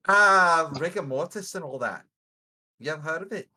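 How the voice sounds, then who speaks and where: Player doing a blunt, threatening predator, lively pitch. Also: normal speed. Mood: coaxing. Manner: coaxing, then threatening, casual swearing. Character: blunt, menacing bird-like woman predator.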